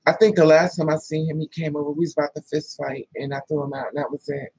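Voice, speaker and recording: Husky-voiced man telling a story. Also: fairly high pitch, fast, no room sound, low-quality recording. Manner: lively storyteller, blunt and profane, acts out the other voices. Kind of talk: casual story time.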